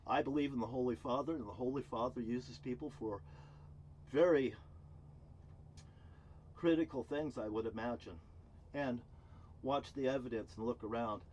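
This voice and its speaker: A man delivering an angry, profane rant to camera as a vlogger. He swings between loud outbursts and low muttering, recorded outdoors near a cruise ship terminal. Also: a little hiss or hum.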